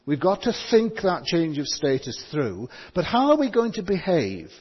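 A man preaching a sermon, reading scripture and slowing down to stress key words. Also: fairly high pitch, sing-song, husky. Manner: stresses words, slows for emphasis. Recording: dull sound with long hall reverb.

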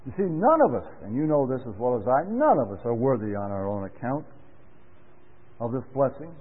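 A man giving a Bible class talk in an earnest, deliberate sermon style, stressing key words with sudden rises. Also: medium pitch, sing-song, slightly rough. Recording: phone-like sound with long reverb in a hall.

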